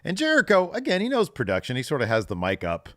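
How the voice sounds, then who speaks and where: A male podcast co-host in casual chat, recapping events with animation. His pitch rises and falls freely, and his voice sits close and dry with no room around it. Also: quick pace, no room sound. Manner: animated recapping, acting out quotes.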